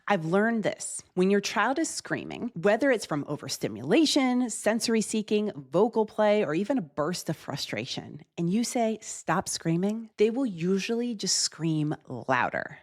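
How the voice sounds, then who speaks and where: A woman in her thirties giving parenting advice in a calm, earnest way, sometimes acting out what a child or parent might say. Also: medium pitch. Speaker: parenting educator. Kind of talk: parenting advice talk to camera.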